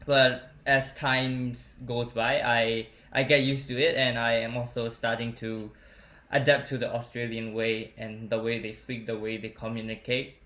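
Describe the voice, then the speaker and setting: Animated male guest in an echoey room. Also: a little slow. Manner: animated, jumps high when quoting and laughing. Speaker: panel guest. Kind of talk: casual chat.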